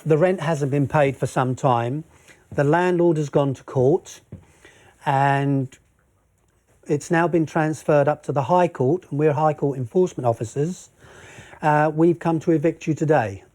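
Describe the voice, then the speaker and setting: A man's voice: fairly high pitch, measured pace, darkish tone. A middle-aged man working as an enforcement officer, explaining an eviction politely but firmly and apologizing often. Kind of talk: on-the-job talk, explaining to tenants.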